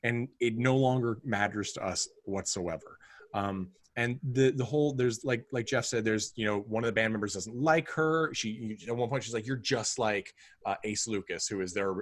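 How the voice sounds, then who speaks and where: A man's voice: fairly low pitch, moderate pace, no room sound. A man co-hosting a film podcast, chatting casually and rambling with wry asides and frequent restarts. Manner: rambling, self-interrupting, wry. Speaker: podcast co-host. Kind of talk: casual film review chat.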